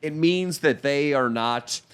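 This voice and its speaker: A man's voice: fairly high pitch, takes it slowly, a bit bright, smooth. A man co-hosting a comedy podcast, riffing crudely in casual chat and breaking into silly voices. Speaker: podcast co-host.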